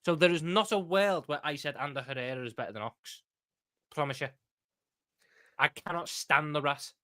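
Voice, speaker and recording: A man's voice: on the high side, normal speed, sharp tone, no room sound, studio quality. A young man with a Scouse accent co-hosting a football chat, defending his views with stammering restarts. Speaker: co-host.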